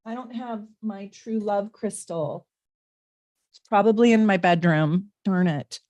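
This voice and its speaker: Unhurried and mid-range in pitch, this middle-aged woman hosts a casual tarot and astrology livestream from home. She chats warmly with viewers and leans on fillers. The recording is dry, with the highs cut off.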